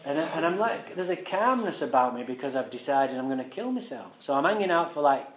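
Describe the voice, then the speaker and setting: A man's voice: a little high, expressive, fairly quick, reverberant, low-quality recording. Frank man telling his story. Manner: frank, profane, wry, conversational. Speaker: speaker sharing his recovery story. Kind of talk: personal storytelling to a live audience.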